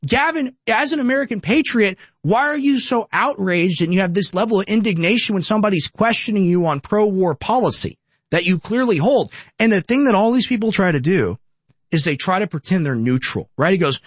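A man's voice: sits high, expressive, fairly quick, no room sound. A young man hosting political commentary, emphatic and ranting, firing off repeated rhetorical questions.

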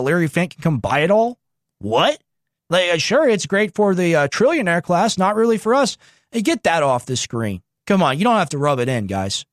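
A male show host reacting to news clips with sarcastic political commentary. His voice sits high and swings widely in pitch as he mocks what he sees. The sound is dry and close, with no room around it. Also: no room sound. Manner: sarcastic, mocking, directs the producer.

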